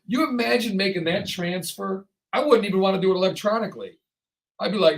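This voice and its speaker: A man hosting a casual podcast chat, rambling and animated, often acting out the voices of people he quotes. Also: high voice, fairly quick, poor audio. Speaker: podcast host.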